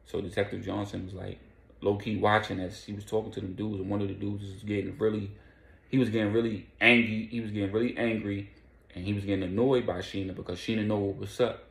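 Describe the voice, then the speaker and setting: A man recaps a crime saga in a relaxed, slangy storyteller's voice. His low, gravelly tone carries through an echoey room, and he snaps into quick quoted lines between stretches of narration. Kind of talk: casual spoken recap.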